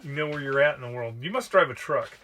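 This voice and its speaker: A man's voice: mid-range voice, lively intonation, quick pace, bright, forceful tone, slight background noise. A man from Southern California co-hosting a podcast, bantering casually with swearing and laughter. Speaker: podcast co-host. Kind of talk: casual chat.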